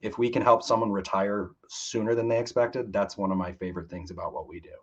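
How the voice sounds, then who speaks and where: A man's voice: fairly low pitch, steady tone, brisk, slightly rough, dull audio. A man, a financial planner, explaining things steadily as a podcast guest. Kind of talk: podcast interview.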